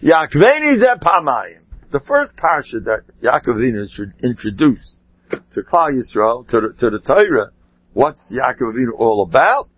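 A man giving an informal Torah talk, telling rambling stories with animated asides. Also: mid-range voice, moderate pace, breathy edge, no echo. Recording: dull lo-fi sound.

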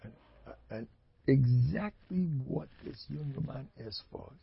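A man giving a storytelling sermon, talking in an animated way with sudden loud, emphatic rises. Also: medium pitch, measured pace, vocal fry, breathy edge. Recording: dull lo-fi dry recording.

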